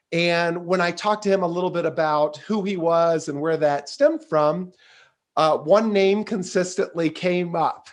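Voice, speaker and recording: A man hosting a podcast interview, effusive and full of praise, with frequent filler sounds. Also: high voice. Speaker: podcast host.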